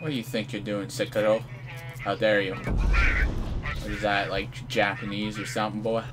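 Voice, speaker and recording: A young man giving live gameplay commentary, trash-talking opponents with playful mock threats and sudden outraged yells. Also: on the low side, level tone, brisk, heavy background noise. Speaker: gamer commentator.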